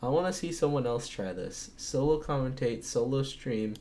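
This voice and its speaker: A man casting an esports match alone from home, calling plays and then talking more quietly so as not to wake others. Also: medium pitch, a little hiss or hum. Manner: rapid excited calls, then quieter. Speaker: esports caster. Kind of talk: solo play-by-play commentary.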